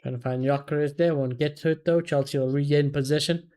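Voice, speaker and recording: A man, casually commentating a football match for his live chat and reacting loudly to chances. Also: fairly high pitch, fairly even intonation, brisk. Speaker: streamer hosting a football watchalong.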